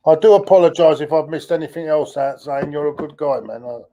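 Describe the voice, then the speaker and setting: A man's voice: fairly high pitch, brisk, dark tone. A man co-hosting a football chat show, chatty and joking, trailing off into fillers. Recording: dull lo-fi audio.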